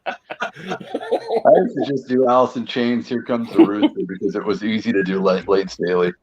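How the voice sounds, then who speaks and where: A man's voice: on the low side, normal speed, dull audio, a crowd in the background. A man from Canada chatting casually, with wry opinions. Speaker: show co-host. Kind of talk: casual drinking chat.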